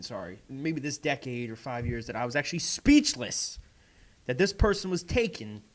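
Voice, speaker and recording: A young man ranting casually in a video reaction, exasperated and swearing, growing louder as he goes. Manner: exasperated, swears, gets louder and higher as he rants. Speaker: vlogger.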